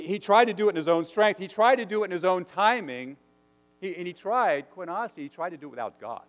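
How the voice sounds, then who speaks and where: A man preaching a sermon, earnest and asking his listeners questions. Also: sits high. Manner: earnest, asks the congregation rhetorical questions. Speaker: pastor. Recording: long hall reverb.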